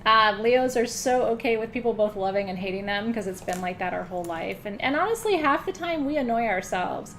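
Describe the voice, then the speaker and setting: A middle-aged woman hosts an online spiritual ceremony over live stream, chatting casually, joking at her own expense, swearing lightly and laughing often. Her mid-range voice is expressive and fairly bright, moving fairly quickly with few pauses, and there's a little hiss or hum.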